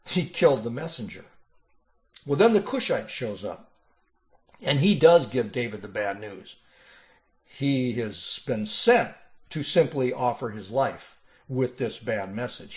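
A man preaching a sermon, reading scripture passages aloud with expressive emphasis and closing in a quiet prayer. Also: medium pitch, dull audio. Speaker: pastor.

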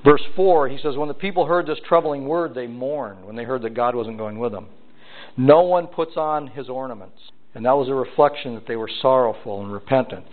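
A man's voice: medium pitch, moderate pace. Man preaching over tinny lo-fi audio. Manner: reads scripture aloud then explains it plainly. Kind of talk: expository sermon.

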